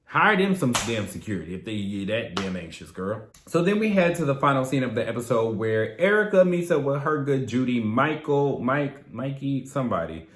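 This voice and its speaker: A man's voice: mid-range voice, big pitch swings, moderate pace, hardly any pauses, roomy sound. A man hosting a casual recap of a reality TV show, sassy and blunt, with profane slangy asides. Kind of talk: casual video recap commentary.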